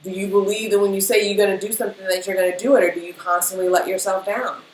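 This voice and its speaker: A woman giving a casual spiritual pep talk as a reader, emotional and animated, full of fillers and repeated phrases. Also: medium pitch, fast. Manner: emotional, animated, speaks in rhythm with many fillers. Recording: echoey room with faint background noise.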